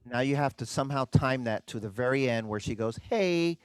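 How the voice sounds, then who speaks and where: A man presenting and demonstrating an organ in a live online show, talking excitedly and chatting with his viewers. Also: mid-range voice, fast talker, clear, resonant tone. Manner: excitable, chatty, addresses audience as folks. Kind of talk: enthusiastic live-streamed product demo.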